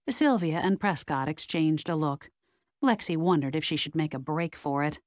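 Woman, audiobook narrator, mystery reading, expressive, lowish voice, dry sound. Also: moderate pace, no room sound.

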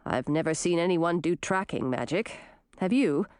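A woman voicing a calm, practical young male companion in a storybook reading, speaking in a low-key way. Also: moderate pace, clear, resonant tone, no echo, clean studio sound, close to an everyday voice. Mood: matter-of-fact.

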